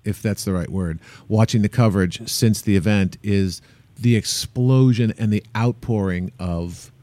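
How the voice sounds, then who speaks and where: A man hosting a podcast in casual chat, relaxed and talkative with frequent fillers. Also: lowish voice, a little slow, dry recording. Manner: relaxed, chatty, hesitant fillers. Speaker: podcast host.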